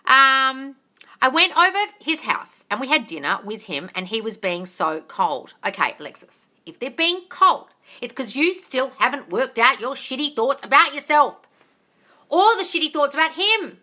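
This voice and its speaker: This woman speaks in a high voice with big swings in pitch, taking her time, her delivery pushed and bright. She's hosting a live manifesting Q&A, reading out viewer comments and answering them bluntly, swearing a lot and calling people darling in a casual stream chat.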